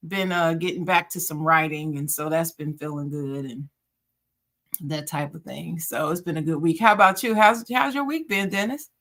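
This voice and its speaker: A woman's voice: sits low, moderate pace, a bit bright. An older woman, a grandmother, co-hosting a podcast in casual, rambling chat. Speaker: podcast co-host.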